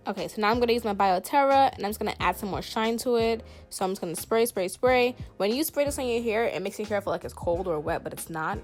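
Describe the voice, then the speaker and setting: A woman in her twenties with a Southern US country accent, chatting through a hair tutorial in a playful, emphatic way with lots of fillers. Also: medium pitch. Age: 20s. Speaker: beauty vlogger. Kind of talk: hair tutorial, casual chat to camera.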